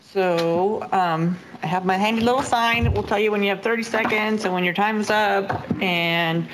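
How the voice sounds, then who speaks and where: A woman's voice: mid-range voice, normal speed, noisy background. A woman chairing a public hearing, plainspoken and procedural as she calls up speakers. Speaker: meeting chair.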